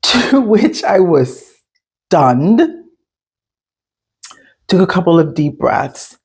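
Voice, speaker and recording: Low-voiced woman telling a candid story. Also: big pitch swings, drawn-out words, darkish tone, slightly rough. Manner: candid, emphatic, conversational. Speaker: speaker sharing life lessons. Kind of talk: personal storytelling monologue.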